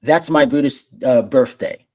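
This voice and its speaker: A man guest on a podcast, telling stories in a warm, friendly, animated way, often restarting his sentences and acting out other people's lines. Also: medium pitch, measured pace. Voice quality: warm and friendly voice-over delivery. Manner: animated, acts out quoted voices, repeats words when starting. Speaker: podcast guest, entertainment journalist. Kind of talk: casual interview storytelling.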